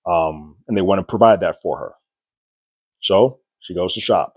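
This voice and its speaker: Low-voiced man chatting through a TV review. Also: moderate pace, no room sound, clean studio sound. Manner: chatty and animated, laughing at the story. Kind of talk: casual spoken episode review.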